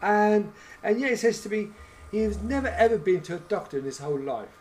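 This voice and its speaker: A man's voice: high voice, lively intonation, brisk, darkish tone, slight background noise. A man, co-hosting a podcast and telling a rambling story with many restarts. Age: 60s. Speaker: podcast co-host. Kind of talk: casual chat.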